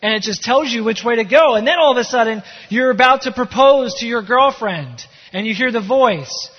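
A man's voice: high-pitched, expressive, slow pace, long pauses, breathy edge. A man preaching a sermon as pastor, conversational and joking with his congregation. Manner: conversational, self-deprecating humor. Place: church sanctuary. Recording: reverberant hall, dull lo-fi sound.

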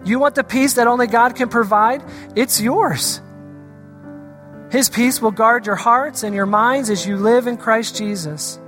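Woman pastor, altar call, earnest and pleading, higher pitch, soft music underneath. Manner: earnest, pleading, reads scripture slowly.

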